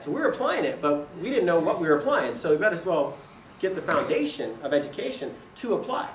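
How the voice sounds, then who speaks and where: A young man tells a casual story, laughs often, and acts out what other people said. His voice sits fairly high. He is recorded from a distance in an echoey room with faint ambience behind him. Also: very animated, fast, hardly any pauses, slight background noise. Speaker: speaker telling his business story. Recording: roomy echo from a distant mic.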